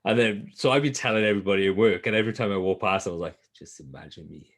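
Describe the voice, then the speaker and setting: A man's voice: lowish voice, racing, a bit bright. A man co-hosting a casual gaming podcast, telling stories with lots of swearing and acting out what people said. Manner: profane storytelling, swears often; acts out quotes in raised voices. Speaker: podcast co-host. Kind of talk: casual chat.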